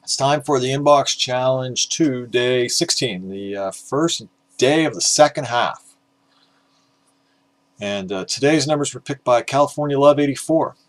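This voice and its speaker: A tired man with a mid-range voice rambles unhurriedly about records as host of a record collecting video. Exhausted after being up at five in the morning, he keeps the vinyl chat casual and self-deprecating, with frequent "uh" fillers.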